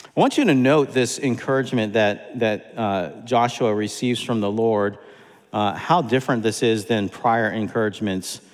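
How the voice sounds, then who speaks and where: A man's voice: lowish voice, moderate pace. A man preaching a sermon, emphatic and repeating key phrases for weight. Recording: long hall reverb.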